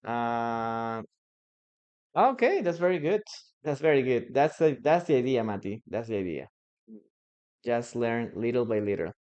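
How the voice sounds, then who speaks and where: Slow, clear-voiced male English teacher. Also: mid-range voice, sing-song, darkish tone, lo-fi sound. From Peru. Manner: slow, patient, repeats words for pronunciation drills. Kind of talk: live online English lesson.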